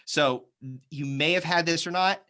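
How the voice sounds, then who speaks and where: Bright-voiced man chatting loosely. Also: a little high, moderate pace. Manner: animated, swearing, lots of restarts and fillers. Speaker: podcast guest. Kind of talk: casual chat.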